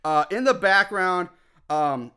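A high-voiced man with a bright, sharp tone tells a film's plot to his co-host in loose, casual chat. His pitch jumps around constantly, and he laughs often and swears freely as he narrates. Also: slow pace, clean tone. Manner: laughing, profane, animated storytelling. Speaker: podcast co-host recapping a film.

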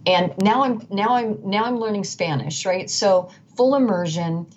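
A woman's voice: mid-range voice, unhurried, a little mellow. A middle-aged woman, a guest, telling her story earnestly and emphatically, often restarting and repeating phrases. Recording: dull lo-fi sound with faint noise.

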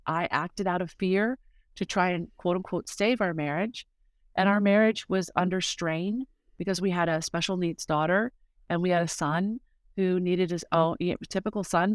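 A woman's voice: fairly low pitch, dry recording, studio quality. A middle-aged woman speaking as a guest, telling a personal story in an earnest, heartfelt way with frequent fillers. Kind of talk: casual conversational testimony.

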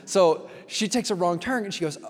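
A male pastor giving a relaxed, conversational sermon, telling stories and asking the congregation questions. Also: high voice, moderate pace. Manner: casual, storytelling, engages the congregation with questions. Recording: long hall reverb.

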